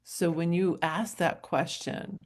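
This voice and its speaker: A woman's voice: fairly low pitch, steady tone, slow. Chatty, laughing middle-aged woman coach. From New Hampshire, USA. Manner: chatty, rambling, laughs easily. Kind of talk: casual motivational talk to camera.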